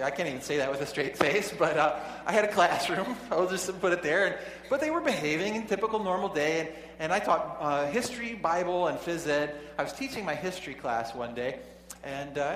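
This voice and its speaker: A man's voice: a little high, a bit bright. A man preaching a sermon, reading scripture and then telling a classroom story in a conversational way, with chuckling asides and frequent restarts. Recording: echoey hall with faint hum.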